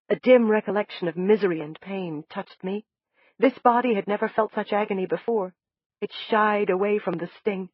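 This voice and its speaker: A woman's voice: mid-range voice, breathy edge, no room sound. Woman reading a novel in first person. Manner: measured, descriptive. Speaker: audiobook narrator. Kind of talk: first-person scripted narration. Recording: dull, dry lo-fi audiobook recording.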